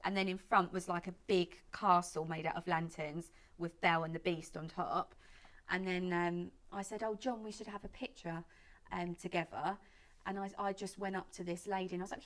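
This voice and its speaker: A woman's voice: lowish voice, fairly even intonation, brisk, a bit bright. A woman in her late twenties, a guest make-up artist, telling a long story in casual chat with lots of fillers and quoted speech. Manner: chatty, lots of "like" and reported speech.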